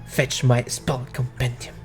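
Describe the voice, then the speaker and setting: A man's voice: medium pitch, flat delivery, a little slow, faint music behind, natural voice. A man voicing a scheming young male noble mage who gives clipped, imperious orders while reading game dialogue aloud. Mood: cold, commanding.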